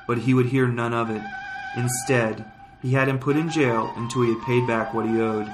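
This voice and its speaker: A man reading scripture and prayers as a liturgical reader, in solemn, measured phrases. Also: medium pitch, fairly even intonation. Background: flute music.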